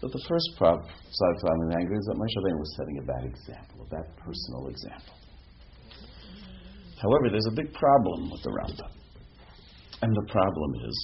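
A man teaching a lively Torah class as a rabbi, asking rhetorical questions and mixing in Hebrew terms. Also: deep voice. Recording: dull lo-fi recording with faint noise.

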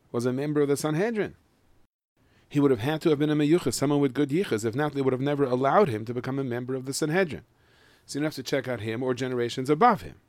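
A man's voice: medium pitch, no room sound. Man teaching a Mishnah in Yeshivish English. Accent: Yeshivish English, Ashkenazi Hebrew. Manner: explanatory, chanting Hebrew text slowly. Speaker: Torah teacher. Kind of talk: Mishnah lesson.

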